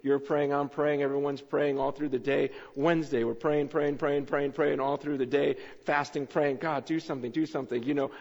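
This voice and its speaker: Man, pastor, sermon, repetitive animated storytelling, slightly high voice, muffled, long hall echo. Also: moderate pace, vocal fry, few pauses.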